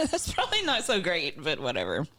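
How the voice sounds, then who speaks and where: A woman's voice: on the low side, wildly swooping pitch, moderate pace, pushed and bright, a little hiss or hum. A tipsy woman co-hosting a casual podcast chat, laughing often, swearing freely and rambling. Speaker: podcast co-host.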